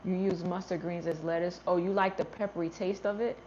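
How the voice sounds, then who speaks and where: A woman with a lowish, darkish voice talks a little fast in a steady tone while hosting a gardening livestream. She chats, replies to viewer comments and thinks out loud, trailing off and restarting. The lo-fi sound is slightly dull with a little hiss or hum.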